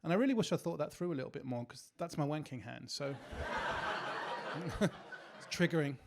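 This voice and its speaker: Male club comedian, high bright pitch, deadpan delivery, noisy live room recording. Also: vocal fry. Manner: quick deadpan punchlines, animated. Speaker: stand-up comedian. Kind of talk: stand-up comedy set. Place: comedy club stage with audience.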